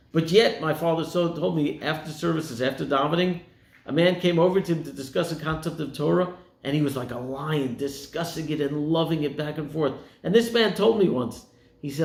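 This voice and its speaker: Man, rabbi, sermon, storytelling, gravelly, slightly high voice, echoey room. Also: fairly quick. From United States. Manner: storytelling, voicing quoted people with rising pitch.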